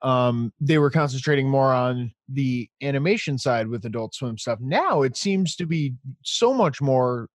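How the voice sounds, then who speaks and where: A man's voice: medium pitch, animated, measured pace, few pauses, no room sound, studio quality. A man co-hosting a podcast, asking the guest curious questions in casual chat. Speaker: podcast co-host.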